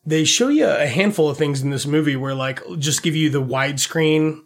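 On a podcast, a man who describes himself as a dad rambles over a movie's plot, swearing heavily and laughing often. His voice leans high and his pace is moderate, fitting the easygoing film chat.

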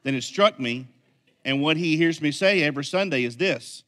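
Male pastor, sermon, bright clear tone, dramatic swings from soft to loud. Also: fairly high pitch, expressive, moderate pace.

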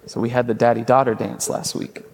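A man, a father in his thirties or forties, preaching a sermon as a pastor in a relaxed storytelling way, often checking in with "right?". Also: mid-range voice, measured pace, a little hiss or hum. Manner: conversational, storytelling with frequent "right?".

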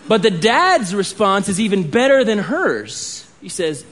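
A man's voice: sits high, big pitch swings, measured pace, hardly any pauses, a bit bright, a little hiss or hum. A man in his thirties preaching a sermon in a conversational way, with restarts and asides. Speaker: pastor.

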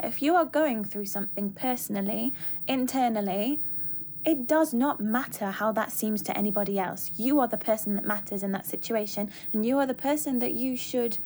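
A woman's voice: on the high side, slight background noise. A young adult woman, a coach hosting her podcast, talking earnestly and emphatically in a reflective monologue, repeating key words for weight.

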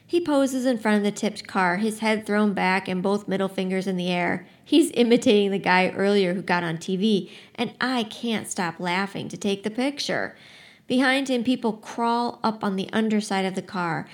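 Woman, middle pitch, casual book talk, chatty, expressive read-aloud. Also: moderate pace. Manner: chatty, relaxed, frequent "like" quotes; expressive first-person reading.

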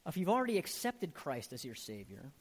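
A man's voice: a little high, huge pitch swings, brisk, husky. A man preaching a sermon as pastor, earnest and emphatic, putting rhetorical questions straight to his listeners. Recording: long hall reverb.

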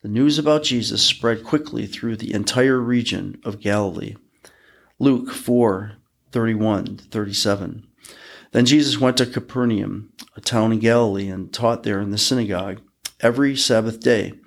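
A man hosting a podcast, reading Bible passages aloud in a measured, even way. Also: fairly low pitch, creaky. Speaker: podcast host reading scripture. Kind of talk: scripture reading.

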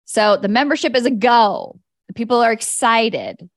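A woman's voice: a little high, big pitch swings, unhurried, dry recording, clean studio sound. A woman hosting a podcast as an energy coach, talking in a casual, candid monologue. She swears freely and laughs often.

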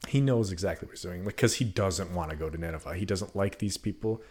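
A man in casual conversation about a Bible story, animated and quick to laugh. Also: low-pitched, slightly rough. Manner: animated, acts out quotes with laughs.

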